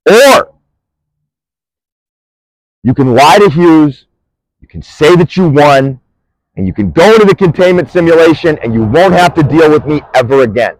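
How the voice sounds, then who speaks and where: Furious high-pitched man ranting outdoors. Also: no echo, rough recording. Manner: furious, profane, threatening, swings between shouting and muttering. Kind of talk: angry direct-to-camera rant. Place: outdoors on a busy street.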